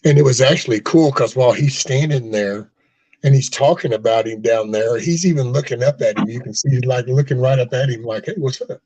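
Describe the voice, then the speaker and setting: A man's voice: mid-range voice, a little fast, darkish tone, rough recording. A man hosting a casual chat, rambling through folksy stories with mild cursing and acted-out quotes. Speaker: host of a casual live chat.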